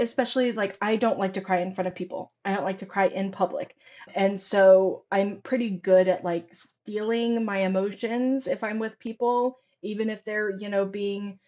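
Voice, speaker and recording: A woman speaking as a podcast guest, telling stories in an animated way with frequent fillers. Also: mid-range voice, moderate pace, muffled recording. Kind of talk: casual conversational interview.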